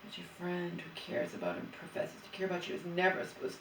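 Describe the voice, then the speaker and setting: A woman's voice: fairly low pitch, a little fast, gravelly, slight background noise. Woman, middle-aged, angry venting vlog, swearing, rambling restarts, echoey room, far from mic. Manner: agitated, profane, rambling with restarts. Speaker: vlogger. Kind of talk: emotional venting monologue. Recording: roomy and distant from the mic.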